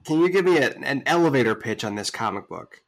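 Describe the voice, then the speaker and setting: A man's voice: medium pitch, expressive, fast talker, vocal fry. Teasing man in casual chat. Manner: teasing, joking. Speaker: podcast co-host.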